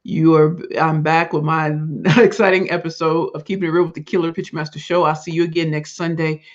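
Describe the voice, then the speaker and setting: A man with a fairly high voice hosts his own livestream and closes the show with heartfelt thanks to his viewers, reading their comments aloud. He talks while in pain from a swollen face. The audio is dull and lo-fi. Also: level tone, a little fast. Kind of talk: emotional livestream sign-off.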